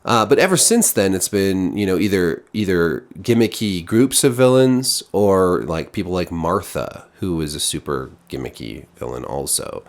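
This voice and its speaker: A man's voice: low-pitched, animated, moderate pace, hardly any pauses. A man giving a casual spoken TV review, exasperated and rambling with many restarts. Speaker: TV show reviewer.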